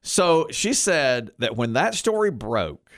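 A man's voice: mid-range voice, sing-song, slow, a bit bright, no room sound, studio quality. A middle-aged man hosting a talk show, chatting casually and telling a story, acting out the quotes. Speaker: radio show host.

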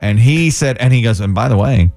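A man's voice: medium pitch, lively intonation, fairly quick, a little mellow, soft background music. A man hosting a radio talk show, telling a long story and acting out the quoted dialogue in a chatty way. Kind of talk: casual radio chat.

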